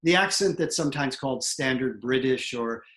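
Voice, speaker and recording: A man's voice: mid-range voice, moderate pace, fairly bright tone. Man teaching accent technique. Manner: demonstrates sounds and accents mid-explanation. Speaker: theatre professor.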